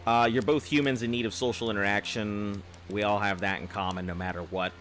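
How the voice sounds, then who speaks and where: Low-voiced man rambling on a stream. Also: fairly even intonation, brisk, a bit bright, soft background music. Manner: rambling, restarts phrases, reads chat comments aloud. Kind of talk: casual live-stream chat.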